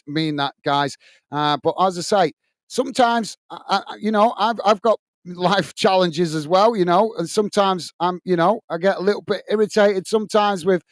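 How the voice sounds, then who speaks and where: High clear-voiced guy doing a footy watchalong, chatty, lots of uhs, dry close mic. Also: dry recording. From England. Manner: chatty, restarting often with fillers, earnest. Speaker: watch-along host. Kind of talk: live match commentary and chat. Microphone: headset earpiece.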